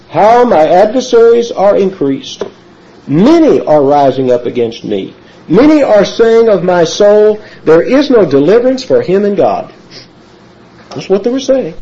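Male preacher, lively sermon delivery, mellow voice, muffled lo-fi recording. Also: high-pitched. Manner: animated, emphatic Bible teaching.

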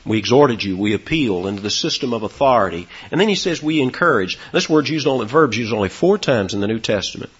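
A man preaching a sermon, with sudden high, loud emphasis on key words and a husky voice. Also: dull audio. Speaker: pastor.

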